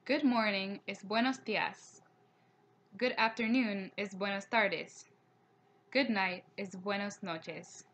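A young woman narrating a recorded slideshow language lesson, reading each slide aloud at a steady pace and slowing down for pronunciation notes. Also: medium pitch, slight background noise. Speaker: teacher.

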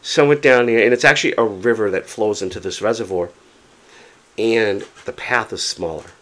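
A man casually telling a story to camera, chatty and animated, often repeating himself for emphasis. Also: fairly low pitch, moderate pace. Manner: excited, determined. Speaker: vlogger.

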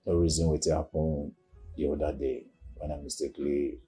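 A man speaking Nigerian Pidgin English in a comedy skit, bantering with sudden jumps up into a high squeal. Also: little pitch movement, a little fast, warm tone, faint music behind. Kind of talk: Nollywood comedy skit acting.

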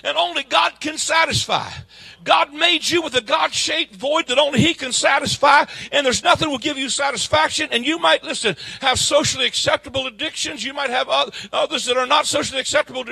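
A man preaching a fervent sermon at a church service, swinging from shouts to quiet asides in folksy grammar. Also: very high voice, a little fast, vocal fry, no room sound. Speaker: guest preacher.

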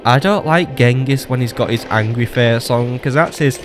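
A man's voice: mid-range voice, a little slow, hardly any pauses, noisy background. A man giving casual, joking let's play commentary at his computer, chatting to game leaders and swearing now and then. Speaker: gaming channel host. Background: game music.

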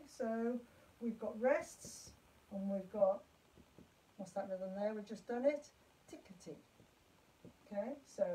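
A woman's voice: on the high side, warm tone. Chatty woman teaching rhythms, far from the mic. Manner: chatty, encouraging, chants rhythm syllables. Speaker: music teacher. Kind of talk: live-streamed music lesson for parents.

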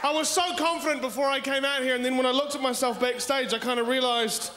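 A young man performs stand-up on a live comedy stage. His voice is fairly high for a man, and he tells stories in an animated way, often laughing as he goes. There is a faint hiss of noise behind him. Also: fast talker, a faint crowd. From New Zealand.

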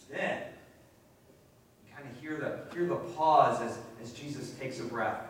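A pastor with a New England accent preaching a conversational sermon in a church, with frequent fillers and restarts. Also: male voice, medium pitch, a little slow, pauses often, slight background noise. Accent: New England American. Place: church sanctuary. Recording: very echoey church from a distance.

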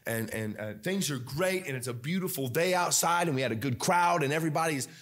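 A man preaches a sermon in a loose, conversational style. His voice sits a little on the high side, and he often restarts and fills pauses as he talks. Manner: conversational, animated, with many fillers and restarts. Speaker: pastor.

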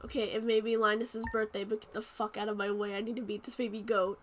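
A woman streaming a farming game, chatting casually and squealing with excitement over cute animals. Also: medium pitch, fast, noisy background. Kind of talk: casual gameplay chat. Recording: game music playing underneath.

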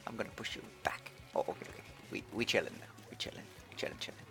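A man streaming a video game live, chatting playfully and excitedly. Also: fairly low pitch, fast, vocal fry, soft background music. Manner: playful, excitable, switching between English and French. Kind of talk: casual live-stream commentary.

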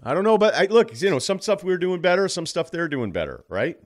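A man's voice: high-pitched, very animated, fairly quick. Wry, rambling man on a podcast. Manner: wry, rambling, self-correcting. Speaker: podcast guest. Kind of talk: casual chat.

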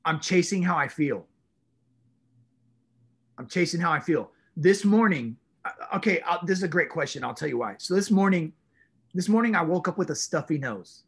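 A man's voice: a little high, expressive, moderate pace, fairly bright tone, husky. A man in his forties, a guest in a casual interview, telling his story with animation and acting out his own inner voice. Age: 40s.

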